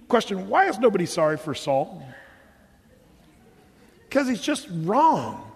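A high-voiced male pastor giving a sermon in a loose, conversational way, full of jokes and asides. His voice carries a long reverb from the church hall he speaks in. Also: big pitch swings, takes it slowly, gravelly, long pauses, husky. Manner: conversational and joking, with lots of asides. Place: church sanctuary.

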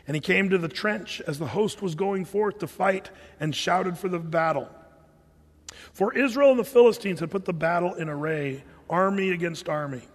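A man preaching a sermon, animated and conversational, often repeating words and acting out the quotes he tells. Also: high voice, big-room sound. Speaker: pastor.

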